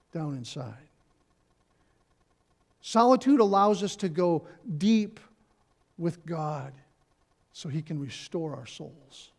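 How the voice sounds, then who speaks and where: A middle-aged pastor with a high-sitting, darkish-toned voice preaches a conversational sermon in a church sanctuary. He repeats key phrases and adds asides.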